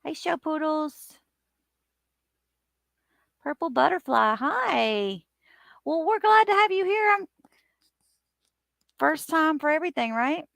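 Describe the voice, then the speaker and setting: A chatty woman hosts a casual live stream and greets each viewer by name. Her voice sits a little high, with a gravelly, creaky edge. The recording is close and dry. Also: slow, long pauses, no room sound. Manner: animated, lively swings in pitch and loudness.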